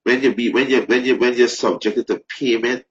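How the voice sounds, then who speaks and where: A man preaching fervently, repeating phrases, restarting sentences and rising into loud emphasis. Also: mid-range voice, fairly even intonation, fairly quick, a little hiss or hum. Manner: repetitive, stumbling restarts, rising to shouted emphasis. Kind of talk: impassioned preaching. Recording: dull lo-fi recording.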